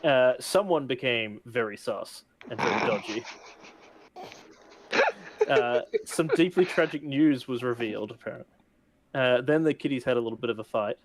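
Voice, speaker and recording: A man's voice: medium pitch, moderate pace, background noise. A man casually recapping the last session of a tabletop game, rambling with many fillers and laughs. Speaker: game master.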